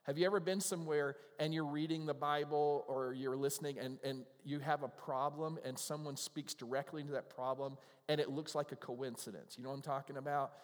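A man's voice: on the high side, fairly even intonation, brisk, hardly any pauses. A man preaching a sermon in a conversational, earnest way who is moved to emotion easily. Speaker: pastor. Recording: long hall reverb.

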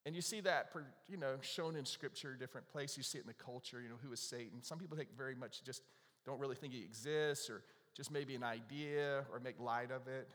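A man's voice: medium pitch, brisk. Conversational man preaching in a reverberant hall. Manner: conversational, lively storytelling with asides and laughs. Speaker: pastor. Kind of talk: sermon. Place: church sanctuary.

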